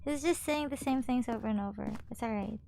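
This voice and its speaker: Playful high-voiced woman streamer. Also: brisk, creaky, mellow. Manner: childlike, playful chatter, repeats phrases. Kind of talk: live game commentary.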